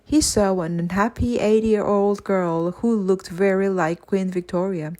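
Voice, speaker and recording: A woman reading a children's book aloud in a clear, steady storytelling way. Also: mid-range voice, a little slow. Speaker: audiobook reader.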